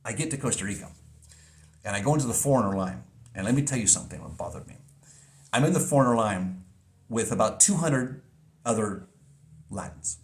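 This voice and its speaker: A man's voice: lowish voice, animated, a little fast, long pauses. A man vlogging in a casual monologue, telling a story in an earnest, emphatic way.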